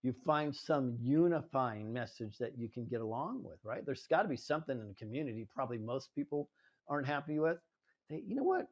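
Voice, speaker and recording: A man's voice: mid-range voice, fairly quick, dull audio. A man speaking as a guest at a live event, telling stories in a conversational way and often checking in with the audience. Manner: storytelling, conversational, asks "right?". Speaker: guest speaker, home builder. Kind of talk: anecdotal talk to a live audience. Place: indoor venue in front of an audience.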